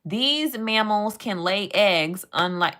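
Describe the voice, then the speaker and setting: A woman's voice: mid-range voice, animated, slow pace, bright, forceful tone. A young woman chatting playfully with her live-stream chat and reading animal facts aloud.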